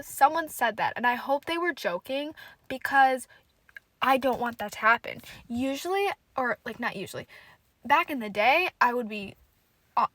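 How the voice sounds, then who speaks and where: A woman's voice: on the high side, a bit bright, no room sound, poor audio. A young woman hosting a casual solo podcast, rambling and swearing freely as she rants in frustration. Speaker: podcast host.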